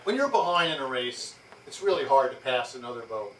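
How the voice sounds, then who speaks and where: A man's voice: mid-range voice, brisk. A man from New Jersey giving a keynote speech, telling jokey anecdotes to an audience. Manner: lively, jokey anecdotes with frequent laughs. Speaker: keynote speaker. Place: yacht club event room. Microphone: far amateur camera. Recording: roomy, distant, noisy amateur tape.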